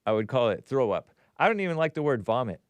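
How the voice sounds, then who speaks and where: This livestream host speaks fast in a medium-pitched, sing-song voice, with no echo on the recording. He reads out viewer messages and answers them in a chatty way, frequently laughing and muttering under his breath.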